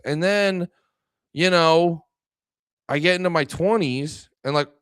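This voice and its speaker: A high-voiced man in his thirties rants on a podcast, heated and profane. He jumps between shouting and low muttering. The sound is dry and close, with no room around it. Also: slow, clear, resonant tone, no room sound. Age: 30s. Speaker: podcast co-host. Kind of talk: profane political rant.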